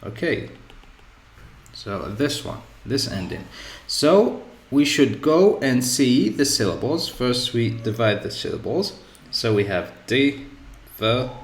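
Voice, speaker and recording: Slow, deliberate male English teacher. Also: medium pitch, sing-song. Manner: slow and repetitive, often says "okay" and "so". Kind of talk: slow explanatory lesson. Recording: echoey room with faint ambient noise.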